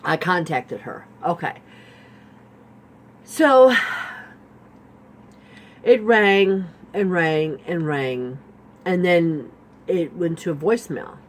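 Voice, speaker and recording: Woman vlogger, storytime, rambling and repetitive with lots of filler, lively ups and downs. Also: on the low side, slow, long pauses. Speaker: vlogger telling a personal story. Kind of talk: storytime vlog.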